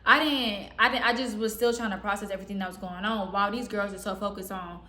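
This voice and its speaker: A woman from the Southern US telling a story casually in a slangy, rambling way with animated quotes. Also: medium pitch, quick pace. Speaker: storytime vlogger. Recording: roomy echo.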